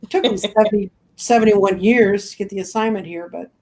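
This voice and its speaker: A woman's voice: mid-range voice, a little fast. Chatty older woman telling stories. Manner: chatty, animated storyteller acting out quoted voices. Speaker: guest, crystal reader. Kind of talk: casual storytelling chat.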